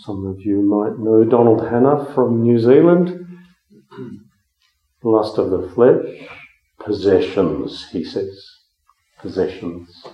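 A man with a fairly low voice gives a Bible teaching sermon, speaking conversationally with frequent ums and restarts. The room sounds roomy and echoey, and the recording is dull and lo-fi. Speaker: preacher.

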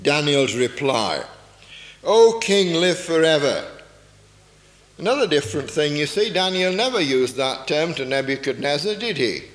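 This male preacher has a slightly high, sing-song voice with a bit of brightness, moving at normal speed with few pauses. He works earnestly through a Bible passage, frequently asking rhetorical questions, and long reverb fills the echoey hall.

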